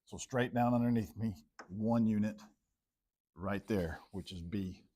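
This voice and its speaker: In a recording with a little hiss or hum, a male math teacher lectures the class, working problems on the board and quizzing students by name. His voice is on the low side and dark, and he speaks unhurriedly.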